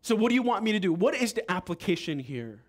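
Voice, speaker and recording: A man preaching a sermon as pastor, animated and joking with the congregation. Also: high voice, quick pace. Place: church.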